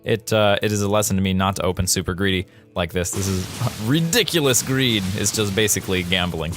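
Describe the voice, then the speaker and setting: A man who designs games, explaining game design in casual commentary over footage, animated and full of quick exclamations. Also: low voice, music in the background.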